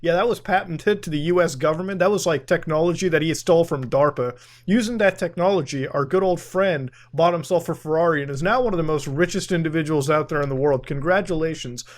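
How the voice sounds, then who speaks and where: A man's voice: fairly high pitch, fairly quick, hardly any pauses. Sarcastic man laughing through commentary. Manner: laughing often, sarcastic, swearing. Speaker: commentator reacting to a video. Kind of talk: casual reaction commentary.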